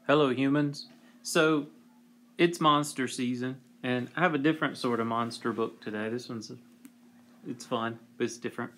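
A man reading a picture book aloud for children in a gentle, playful way. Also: medium pitch, moderate pace. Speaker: storybook reader.

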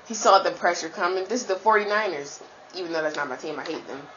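A woman giving live commentary while playing a football video game, trash-talking her opponent and breaking into sudden high shouts. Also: quick pace, lo-fi sound, slight background noise.

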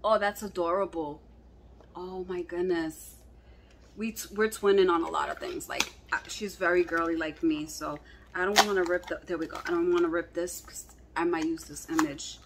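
A woman vlogger chatting casually as she unboxes fan mail, gushing and excitable, calling everything cute over and over. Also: on the low side, normal speed, noisy background.

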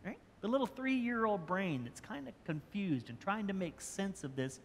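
A man's voice: sits high, animated, normal speed, a little hiss or hum. An older man, a pastor, preaching a sermon in a conversational way, often restarting his phrases. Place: church sanctuary. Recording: church hall with long reverb.

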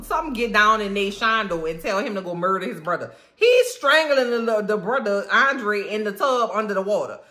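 Animated, bright-voiced woman giving a comedic recap. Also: a little high. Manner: animated and profane, acts out characters, frequent laughter. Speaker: movie reaction vlogger.

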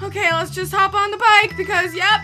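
Very high-pitched playful woman gaming. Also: fairly even intonation, normal speed, music in the background. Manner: playful, jokey, chatty, laughs a lot. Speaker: gameplay video host. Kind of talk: casual gameplay commentary.

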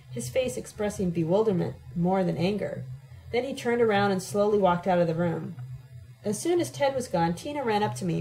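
Woman, audiobook reader, first-person narration, steady pace, mellow tone. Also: medium pitch, poor audio. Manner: steady, even-paced first-person reading. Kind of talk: reading a novel aloud.

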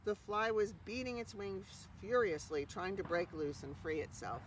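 A storyteller reading a children's chapter book aloud with expressive narration. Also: mid-range voice, moderate pace, few pauses, distant mic, slight background noise, rough recording.

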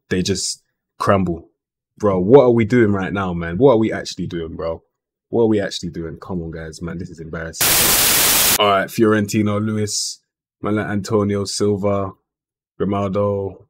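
A young man commenting on his football management game, ranting in slang with frustrated outbursts. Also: lowish voice. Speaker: gaming YouTuber.

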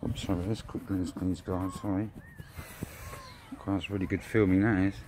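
A man chatting to his dog on a park walk, filming on a phone outdoors, talking casually and breaking into excitable bursts. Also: deep voice, moderate pace. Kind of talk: casual vlog narration. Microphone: phone camera mic. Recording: noisy outdoor phone recording. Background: birds and ducks, outdoor ambience.

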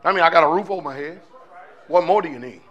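A man preaching a sermon with a high, bright voice. He talks to the congregation in a fiery, conversational style and keeps throwing out rhetorical questions. His delivery is forceful and plainspoken. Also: fast talker, lo-fi sound. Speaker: pastor.

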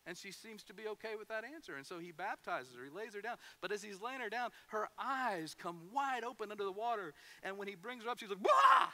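Bright, animated male preacher. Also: sits high, fast talker, hardly any pauses. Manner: animated storytelling with acted-out quotes. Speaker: pastor. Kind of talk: sermon.

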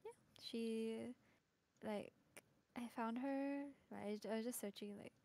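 A woman's voice: fairly high pitch, measured pace, dark tone. A young Singaporean woman streamer, playful and giggly, chatting casually while gaming and rambling through stories with many fillers.

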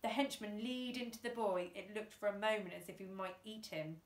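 A woman teacher reading a children's book aloud, lively and acting out the characters. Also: a little fast. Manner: lively, voices characters with big pitch jumps. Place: classroom or home, self-filmed. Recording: echoey room.

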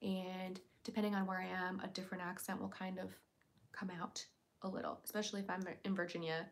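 A woman's voice: mid-range voice, little pitch movement, fast talker, slight background noise. A young woman hosting a casual livestream, chatty and upbeat, reading viewers' questions aloud and answering them. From United States.

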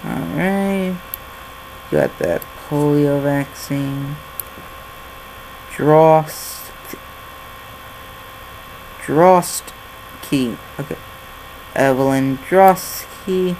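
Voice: mid-range voice, sing-song, extremely slow, gravelly, pauses often, dark tone, slight background noise, low-quality recording. A gaming channel host giving jokey let's-play commentary while reading game documents aloud.

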